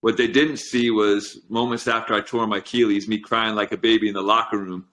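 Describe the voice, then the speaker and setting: A middle-aged man shares personal stories in an earnest, heartfelt way. His voice sits low, and he talks like a strength coach chatting on an interview show. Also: little pitch movement, a little fast, fairly bright tone. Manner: earnest storytelling, gets emotional. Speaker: podcast guest, strength coach. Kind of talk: casual interview chat.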